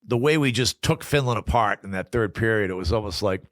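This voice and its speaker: Fast-talking older man telling stories. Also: lowish voice, no room sound, clean studio sound. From Boston, United States. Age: 60s. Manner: animated storyteller who acts out quoted voices. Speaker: guest, former Olympic hockey player. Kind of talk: casual storytelling interview.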